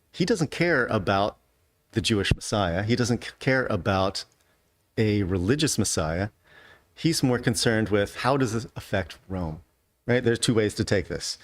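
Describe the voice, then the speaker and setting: Low-voiced man teaching a Bible class. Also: no echo. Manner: conversational, asks rhetorical "right?" often. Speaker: Sunday school teacher. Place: church classroom.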